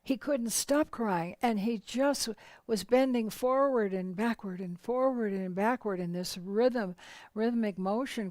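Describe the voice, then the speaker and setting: A woman leading a spiritual workshop, telling teaching stories in a calm, measured, unhurried way. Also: on the high side, no echo. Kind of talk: teaching storytelling.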